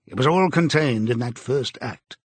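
Casting: a man playing a cold, menacing interrogator with a husky voice, read dry and close. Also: medium pitch, no room sound, close to an everyday voice. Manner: cold, measured, contemptuous. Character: cold menacing male interrogator, middle-aged. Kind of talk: audiobook character reading.

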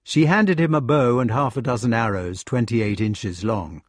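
A man narrating an audiobook with expressive storytelling. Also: mid-range voice, normal speed, no echo, studio quality.

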